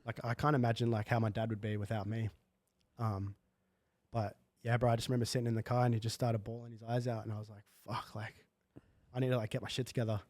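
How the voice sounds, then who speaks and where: A man's voice: on the low side, flat delivery, fast talker, a little mellow, dry recording. A young man telling a personal story in a casual, slangy podcast chat full of fillers. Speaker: guest. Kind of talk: candid podcast conversation.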